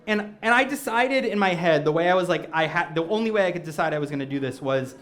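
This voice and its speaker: A man performing stand-up storytelling on stage before a live audience, animated and self-mocking. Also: on the high side, fast. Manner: animated, self-mocking, acts out quoted voices. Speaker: comedic storyteller.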